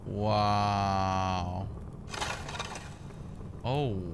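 A young man commenting on a horror game as he plays, swearing often and breaking into loud outbursts. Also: on the low side, fairly even intonation, very slow, background noise. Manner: profane, reactive, loud outbursts. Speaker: gaming commentator. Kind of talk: let's play commentary.

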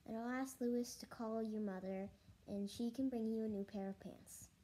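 Woman reading a calm, matter-of-fact teacher. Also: a little high, normal speed, natural voice.

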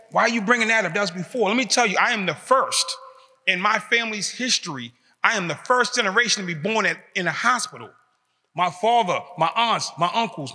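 Bright, high-voiced man telling stories in a hall. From United States. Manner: animated street-talk storytelling, acting out voices. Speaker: motivational speaker. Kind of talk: storytelling talk to an audience. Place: large hall in a prison. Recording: reverberant hall.

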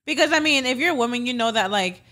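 High, rambling young woman. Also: lively intonation, quick pace, bright, forceful tone. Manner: talks in run-on bursts full of "like". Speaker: podcast guest. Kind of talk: casual chat.

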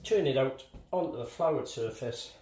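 In his home kitchen, a Welsh home baker in his sixties chats viewers through kneading sourdough step by step in a casual demonstration. His voice is mellow and mid-range at a moderate pace, and the kitchen sounds echoey with faint background noise.

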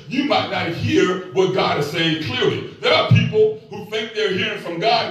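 His voice sits high with a fairly bright tone as this sixty-something pastor preaches a folksy sermon and calls out to the congregation. The church is echoey, the recording distant, and music can be heard.

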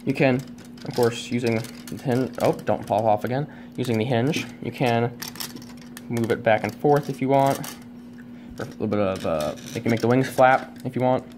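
A man reviews a toy at home, filmed on a camera on a tripod, rambling and poking fun at himself with lots of fillers and restarts in this casual, unscripted review. His voice is mid-range and moderately paced, and the background is noisy.

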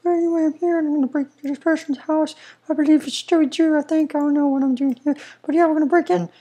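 A woman's voice: high voice, fairly even intonation, quick pace, warm tone, close to an everyday voice. A woman voicing a small, bratty male cartoon ink demon who rambles and threatens in a goofy game machinima. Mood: rambling.

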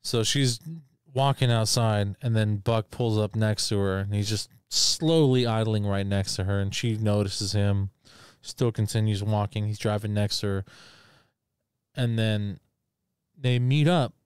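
A man recaps a film in a loose, cursing ramble and acts out bits of scenes as he goes. His voice is smooth and clear, and the sound is dry and close. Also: fairly low pitch, fairly even intonation, unhurried, darkish tone, dry recording. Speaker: podcast co-host. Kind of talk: casual movie recap.

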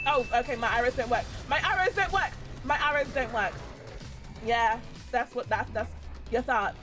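Excitable high-voiced woman game streamer. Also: moderate pace. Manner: excitable, talks to game characters, squeals and shrieks when startled. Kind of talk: live gameplay commentary. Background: faint game music.

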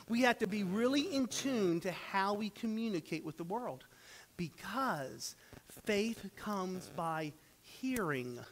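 High, bright-voiced pastor preaching. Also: male voice. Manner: folksy, conversational preaching with asides to the congregation. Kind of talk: sermon. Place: church sanctuary.

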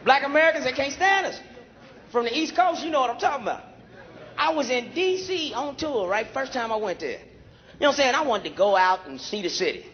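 A male stand-up comedian doing a brash, profane routine on stage, telling animated stories to a live audience. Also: extremely high pitch, fairly quick. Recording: dull live recording with audience noise.

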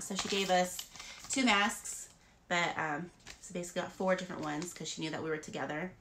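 A woman's voice: fairly low pitch, steady tone, quick pace, fairly bright tone, a little hiss or hum. A woman vlogger chatting casually about free beauty products, rambling with frequent fillers. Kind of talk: casual haul chat.

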